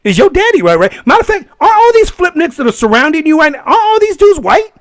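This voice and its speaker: A man hosting a solo podcast, ranting in an animated way and laughing often. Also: extremely high pitch, fast talker. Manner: animated and laughing, acts out voices. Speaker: podcast host.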